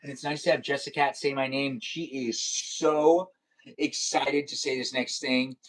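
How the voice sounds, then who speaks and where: A man's voice: medium pitch, flat delivery, a little slow. A man chatting casually on a livestream, reading the chat aloud and teasing his viewers playfully.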